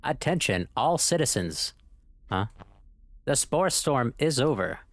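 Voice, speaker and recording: A man's voice: mid-range voice, big pitch swings, slow pace, no echo. A man voicing an official emergency announcement in a horror game playthrough, in a formal announcing manner.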